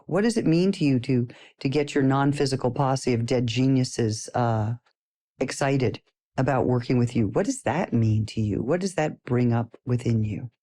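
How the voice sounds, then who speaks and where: Playful animated woman teaching a course. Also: very deep voice, moderate pace. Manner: animated, playful, laughs often. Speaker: personal development course teacher. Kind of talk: casual spoken lesson to listeners.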